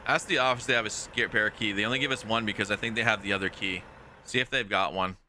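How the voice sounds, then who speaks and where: A man's voice: lowish voice, steady tone, fast, sharp tone, a little hiss or hum. A man chatting casually during a live game stream, teasing and talking to viewers and people off-mic. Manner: chatty, teasing, talks to chat and off-mic family.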